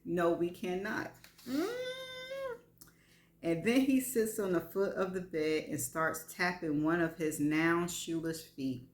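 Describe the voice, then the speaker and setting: A woman's voice: sits low, measured pace. A woman giving a live reading of frank first-person fiction, wry and laughing between lines. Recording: echoey room.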